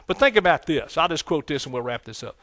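A man's voice: on the high side, animated, quick pace, a bit bright, no echo. Folksy preaching man, dry close sound. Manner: folksy, rising to emphatic preaching with scripture quotes. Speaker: pastor. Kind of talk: sermon. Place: church sanctuary.

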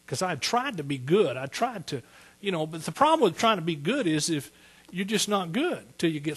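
An older man with a husky voice preaching a sermon, telling his conversion story with earnest halting pauses and then building to fervent calls of hallelujah. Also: on the high side, sing-song, fairly bright tone. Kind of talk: sermon with personal testimony.

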